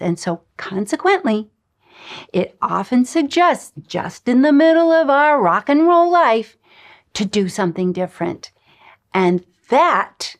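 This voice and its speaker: Middle-aged lady teaching a spirituality lesson, lively storyteller, acts out the dialogue, mid-pitched voice. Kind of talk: recorded lesson with personal stories.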